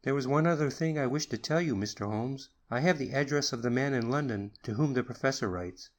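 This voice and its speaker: A man's voice: fairly quick, close to an everyday voice. A man voicing an anxious young secretary in an audiobook, earnest, apologetic and nervous. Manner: nervous and earnest, higher pitched. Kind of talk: audiobook character reading.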